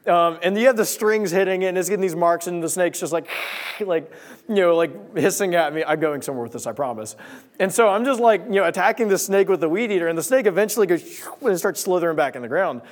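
A young man tells a story from the pulpit, his voice sitting a little high. He speaks in an animated way and acts out the voices and sound effects in his story. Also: quick pace. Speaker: preacher. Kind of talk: sermon storytelling.

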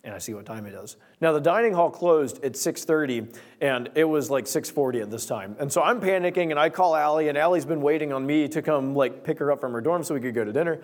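A young man preaching, opening his sermon with a lively personal story and acting out his own lines. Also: a little high, quick pace. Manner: storytelling, animated quoting of himself.

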